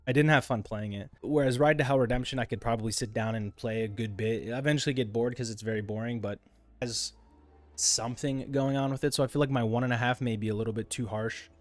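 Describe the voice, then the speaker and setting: A man's voice: medium pitch, fast talker, soft background music. Exasperated young man ranting about games. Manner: exasperated, rambling, animated rants. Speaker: gaming video creator. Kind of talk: casual game review monologue.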